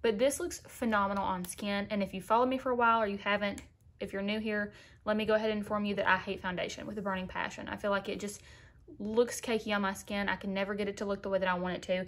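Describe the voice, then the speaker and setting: A woman's voice: medium pitch, fairly even intonation, quick pace. A young woman talking casually to viewers in a makeup tutorial, chatty and sassy, calling them girl. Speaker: beauty vlogger.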